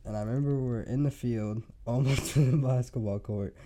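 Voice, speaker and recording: A man's voice: mid-range voice, brisk, background noise. A young man telling a rambling, profane story on a podcast, laughing often. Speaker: podcast host. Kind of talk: casual storytelling.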